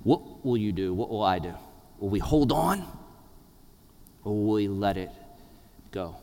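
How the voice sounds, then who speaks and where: Male pastor, 30s, animated sermon delivery, hushed to loud, reverberant hall. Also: on the low side, measured pace. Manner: animated, swings from hushed to loud with playful laughs.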